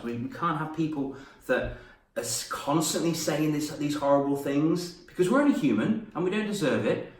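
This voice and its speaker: Encouraging male coach, mid-pitched, teaching kids live; roomy sound, mic a little distant. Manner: upbeat, encouraging, praising viewers by name. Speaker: confidence coach. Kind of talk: live online lesson for children. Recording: echoey room, voice from off-mic.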